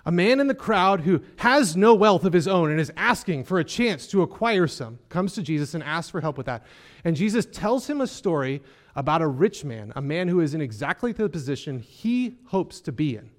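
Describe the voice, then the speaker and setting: Pastor, male, slightly raised pitch, lively and conversational delivery, teaching from scripture. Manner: conversational preaching, frequent rhetorical "Right?". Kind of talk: sermon.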